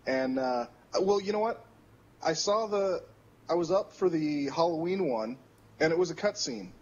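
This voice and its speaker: A man chatting casually on a gaming podcast, relaxed and a little hesitant. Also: on the high side, normal speed, husky, dull audio.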